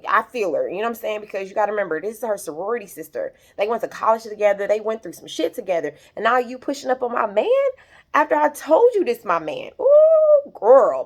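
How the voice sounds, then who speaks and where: A young woman recapping a TV episode in casual, gossipy chat, talking straight to her viewers and acting out the characters' lines. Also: mid-range voice. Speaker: YouTube show recapper. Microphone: compact camera.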